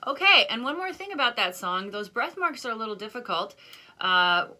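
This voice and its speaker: A woman's voice: fairly high pitch, very animated, normal speed, loud music behind the voice. A woman band teacher recording a video lesson, counting off beats and explaining patiently with self-deprecating asides.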